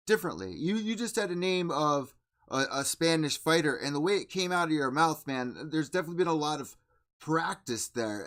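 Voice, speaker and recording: A man hosts a podcast with casual enthusiasm, his voice slightly higher than most. He drops swear words easily. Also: fairly bright tone. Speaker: podcast host. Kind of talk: casual interview questions.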